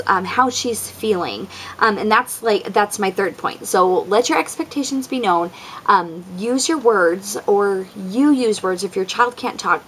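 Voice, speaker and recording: A woman's voice: mid-range voice, a bit bright, slight background noise, low-quality recording. A young woman talking casually about parenting tips, with frequent ums and likes, often acting out what she says to her kids. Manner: chatty, lots of ums and likes, acts out quotes. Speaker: parent vlogger. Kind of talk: casual advice talk.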